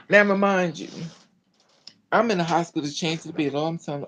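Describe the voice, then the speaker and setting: A woman recounting a personal story in an animated, dramatic way, full of colloquial slang. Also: low voice, fast talker, a little hiss or hum, rough recording. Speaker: storyteller vlogger.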